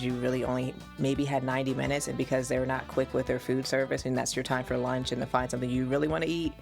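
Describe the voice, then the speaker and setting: A woman from the United States, a podcast host and mother, telling family stories in an animated, casual way and laughing often. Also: very deep voice, creaky.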